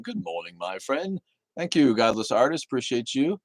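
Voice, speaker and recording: A man's voice: medium pitch, very animated, normal speed, pushed and bright, no echo. A man hosting a casual livestream, reading chat aloud in a laid-back, easygoing way, cursing casually and laughing often.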